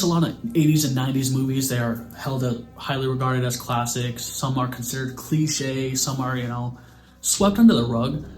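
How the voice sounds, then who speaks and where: Man, film commentary vlog, excitable, swearing, filler-heavy, mid-pitched voice. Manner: excitable, profane, lots of "like" fillers. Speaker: horror film vlogger.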